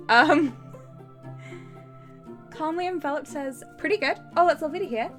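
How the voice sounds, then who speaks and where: A woman's voice: high-pitched, unhurried, pauses often, a bit bright, soft background music. A woman from the UK streaming live, chatting casually and reading comments aloud in a self-deprecating, giggly way. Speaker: streamer co-writing a story with AI.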